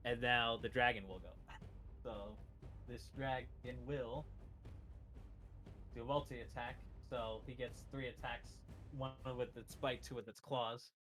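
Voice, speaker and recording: Bright-voiced male game master. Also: medium pitch, steady tone, measured pace, soft background music. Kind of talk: narrating a tabletop game.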